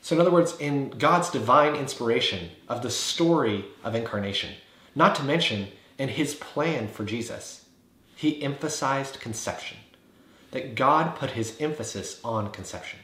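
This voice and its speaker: Earnest male Bible teacher, mid-pitched, rhetorical questions, echoey room. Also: expressive, moderate pace, pushed and bright. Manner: earnest, builds points with repeated phrases and rhetorical questions. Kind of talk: explanatory teaching video. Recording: roomy echo.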